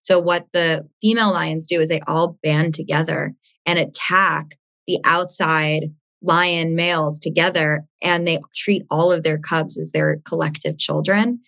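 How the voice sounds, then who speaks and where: A woman's voice: low voice, fairly even intonation, a little slow, fairly bright tone. A young woman hosting an astrology podcast, gushing and rambling in casual chat, laughing often.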